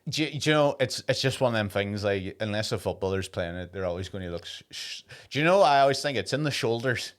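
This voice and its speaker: A man's voice: lowish voice, lively intonation, fast talker, hardly any pauses. An Irish man co-hosting a podcast, chatting casually, swearing freely and acting out what people say. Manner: sweary, acts out quoted people. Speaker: podcast co-host. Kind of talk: casual chat.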